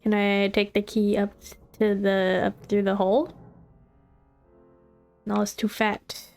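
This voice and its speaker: A woman's voice: medium pitch, monotone, takes it slowly, vocal fry, a little mellow, faint music behind. A woman chatting casually and joking to herself as she plays a video game. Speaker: gameplay commentator. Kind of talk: casual gameplay commentary.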